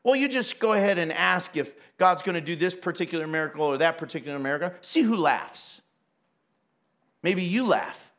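A man with a notably high voice preaches in a relaxed, conversational way. He laughs often as he talks. He acts out the people in his story with quick little voices. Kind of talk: casual sermon.

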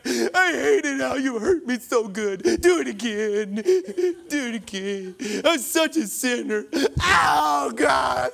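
A man's voice: very high voice, gravelly, a bit bright, exaggerated voice. A man putting on the voice of a whiny, melodramatic churchgoer who wails and pleads in an overwrought way. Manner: wailing, overwrought, theatrical pleading.

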